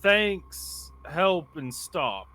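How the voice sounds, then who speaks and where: Bright animated man playing a tabletop game. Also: on the high side, extremely slow. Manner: animated, joking. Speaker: player. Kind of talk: casual tabletop game chat.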